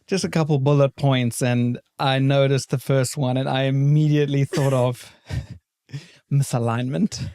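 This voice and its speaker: A man's voice: medium pitch, fairly even intonation, unhurried, mellow, clean tone. A man from South Africa with a light South African accent and a British twang, co-hosting a casual chat with dry humor. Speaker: podcast co-host.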